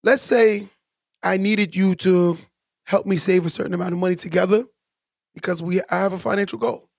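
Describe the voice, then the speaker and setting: A man's voice: sits high, fairly even intonation, normal speed, a little mellow, dry recording, studio quality. A man co-hosting a casual podcast, talking emphatically and preachily, repeating points for stress. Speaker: podcast co-host.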